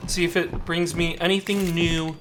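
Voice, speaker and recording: A man's voice: fairly high pitch, flat delivery, moderate pace, noisy background. A man streaming a horror game, talking to himself and to the game in a jittery way, repeating lines when scared. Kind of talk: live horror game commentary.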